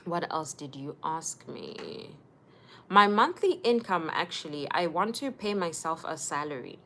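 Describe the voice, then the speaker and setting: Woman, low voice, chatty live stream host, faint background noise. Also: sing-song, unhurried. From Zimbabwe. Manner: chatty, warmly greets viewers by name. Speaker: livestream host. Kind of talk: casual livestream chat.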